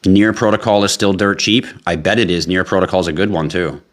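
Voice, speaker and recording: A man with a very low voice hosts a live crypto stream. He talks to his viewers in a brash, joking way, swears freely and reads their comments aloud. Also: fairly quick.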